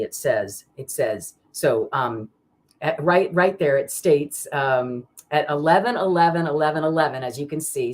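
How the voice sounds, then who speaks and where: Woman host, very deep voice, rambling live-stream chat with viewers. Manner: rambling, chatty, many fillers and restarts; greets viewers by name mid-sentence. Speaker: card reader hosting a live stream.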